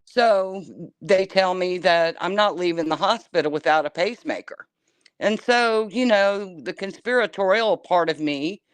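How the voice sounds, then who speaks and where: A woman's voice: on the low side, no room sound. A middle-aged woman calling in to a show, sharing openly and emotionally. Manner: candid and emotional, openly personal. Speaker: caller. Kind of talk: casual call-in chat.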